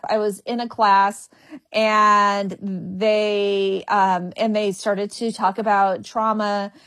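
A woman's voice: mid-range voice, flat delivery, slow, a bit bright, smooth, no room sound. A woman comedian speaking frankly and humorously in an interview, stuttering and repeating the first sounds of words. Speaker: comedian guest. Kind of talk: candid interview conversation.

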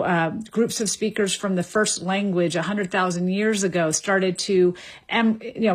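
A woman, a linguist guest, answering interview questions in a measured, lecturing way and repeating words as she thinks. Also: medium pitch, a bit bright, husky. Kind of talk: explanatory radio interview answers.

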